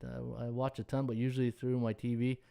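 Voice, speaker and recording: Scrolling through stats and thinking out loud, a sports betting handicapper hosts a casual live stream in a brisk, flat, mid-range voice that is creaky, mellow, clear and resonant. He rambles, reads viewer comments and thanks the people who send them.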